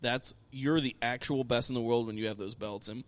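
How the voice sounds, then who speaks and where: A middle-aged man talking through a wrestling recap in a loose, profane way. He swears freely and gets animated as he tells it. His pitch sits in an ordinary middle range for a man. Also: brisk. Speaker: podcast co-host. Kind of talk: casual wrestling recap chat.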